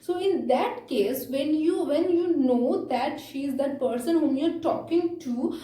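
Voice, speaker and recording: A woman teaching an English grammar lesson, explaining slowly with frequent fillers and check-ins like "okay?". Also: sits high, warm tone, reverberant, rough recording.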